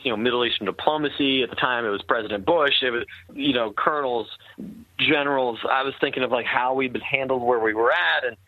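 A man's voice: medium pitch, no room sound. Earnest man telling a story on a tinny line. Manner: earnest, conversational, many fillers and restarts. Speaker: former army captain telling a war story. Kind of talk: casual storytelling in conversation.

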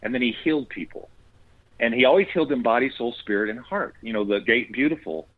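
A man's voice: medium pitch, quick pace. A man speaking as a guest in a faith conversation, earnest and preacherly, quoting scripture as he explains. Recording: tinny phone line, dry.

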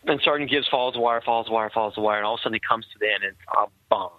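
A man's voice: on the low side, very fast, dry recording. Earnest man telling a story on a tinny line. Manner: earnest, conversational, many fillers and restarts. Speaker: former army captain telling a war story. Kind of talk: casual storytelling in conversation.

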